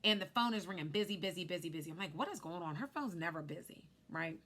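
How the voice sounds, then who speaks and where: A woman in her thirties tells a personal story on a vlog, animated and lively, acting out what people said. Her voice is bright and forward, with a clear, ringing edge. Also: on the low side, fast talker. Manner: animated storyteller who acts out quotes. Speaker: life insurance agent.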